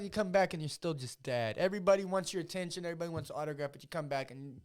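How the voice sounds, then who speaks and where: Young male podcast host, profane and rambling, fairly high voice. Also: fast, few pauses. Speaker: podcast host and amateur fighter. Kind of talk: casual chat.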